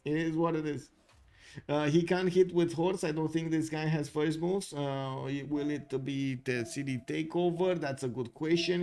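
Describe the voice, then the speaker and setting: A man giving play-by-play commentary on a strategy game match, excitable and full of filler pauses. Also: a little high. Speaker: esports caster.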